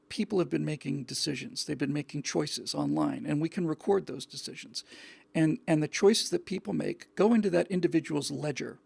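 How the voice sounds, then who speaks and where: A man's voice: on the high side, gravelly, slightly rough, dry recording. A male show host giving an earnest opinion monologue, often repeating words and restarting his sentences.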